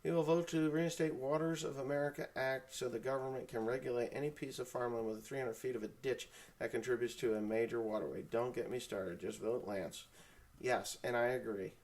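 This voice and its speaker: A man's voice: medium pitch, steady tone, a little fast, a little mellow. A man hosts his own farm talk show and rants with blunt, heated force. He swears freely and keeps working himself up. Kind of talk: casual ranting live chat.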